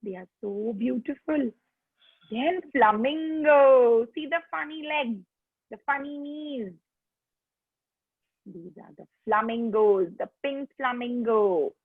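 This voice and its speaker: A woman's voice: a little high, slow, husky, no echo. Tinny-sounding woman coaxing little kids. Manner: coaxing, asks constant simple questions. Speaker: preschool teacher. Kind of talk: online class for small children. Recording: tinny phone-like call audio.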